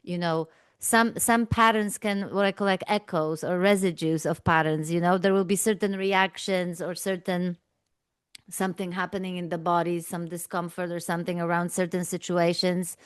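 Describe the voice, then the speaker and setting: A woman's voice: fairly low pitch, fairly even intonation, moderate pace, smooth, no echo. A woman hosting a reflective spiritual conversation, sharing her own experience in a searching, tentative way, often saying "you know" and "I don't know". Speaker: podcast host.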